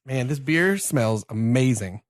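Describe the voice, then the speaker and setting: A man's voice: mid-range voice, animated, measured pace, no room sound, clean studio sound. A man co-hosting a podcast, chatting enthusiastically and joking about beer and films. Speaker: podcast co-host. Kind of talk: casual chat over beer tasting.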